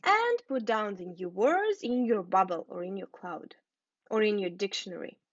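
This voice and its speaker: A woman teaching an English lesson, spelling out and repeating words slowly and carefully for learners. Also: mid-range voice, expressive, no echo, highs cut off.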